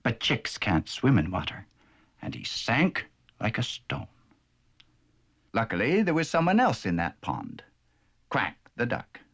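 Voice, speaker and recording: A man narrating a children's cartoon story in a playful, animated storytelling way. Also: mid-range voice, unhurried, pauses often.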